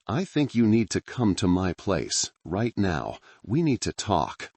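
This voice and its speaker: A man voicing a calm, wary male colleague working with the police, speaking in a measured, careful way. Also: sits low, slightly rough, dry recording, exaggerated voice.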